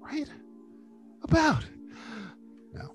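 A man's voice: very slow, fairly bright tone, faint music behind. A man co-hosting a podcast, playful and swearing as he jokes through a movie commentary. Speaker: podcast co-host. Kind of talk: casual movie commentary banter.

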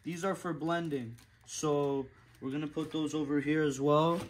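A man who works as a barber, hosting a casual vlog in a profane, animated, ranting way. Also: on the high side, moderate pace, a little hiss or hum.

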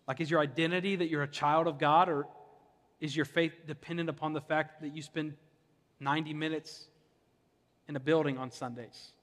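Preaching in a sanctuary full of long reverb, a young pastor from Ohio, USA mixes impassioned, conversational sermon talk with humorous personal anecdotes. His male voice sits slightly high and a bit bright, and his delivery is flat and a little fast.

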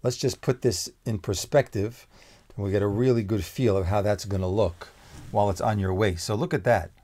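A man's voice: fairly low pitch, fairly even intonation, moderate pace, mellow. Enthusiastic middle-aged man unboxing. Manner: enthusiastic, exclaiming, loosely rambling. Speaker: menswear shop owner presenting products. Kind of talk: product unboxing vlog.

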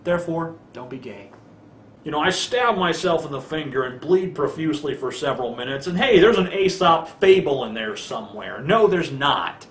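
A man's voice: a little high, expressive, normal speed, reverberant. A man ranting in a video commentary, sarcastic, profane and mocking. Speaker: vlogger.

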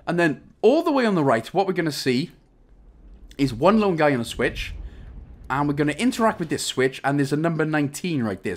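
Welsh guy narrating a game guide, bit higher voice, bouncy, wanders off into silly tangents. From Wales. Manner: jokey, rambling asides between instructions. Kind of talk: commentary over gameplay walkthrough.

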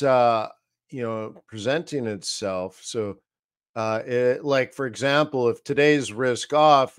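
A man with a smooth, mid-range voice hosts a live trading stream as its analyst, casually talking through market charts. He rambles and thinks aloud to himself while reading them, in a dry, studio-quality recording.

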